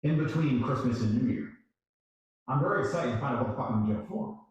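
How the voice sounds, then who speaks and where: A man's voice: medium pitch, expressive, fast, muffled recording. A man telling a story on a stream in a profane, emphatic way, acting out other people's voices. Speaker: guest storyteller. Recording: very echoey room.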